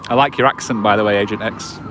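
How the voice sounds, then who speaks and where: Music plays behind a lowish, fairly even voice at a quick pace. The speaker is an English livestream host in his forties, rambling casually with viewers on a phone on a gimbal, full of fillers and restarts, outdoors on a promenade at night.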